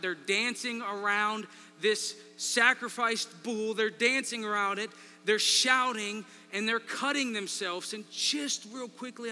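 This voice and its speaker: A man with a high, very bright and sharp voice preaches a sermon. He swings between loud, driving emphasis and hushed asides. His voice carries a long hall reverb with a faint mains hum underneath. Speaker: pastor.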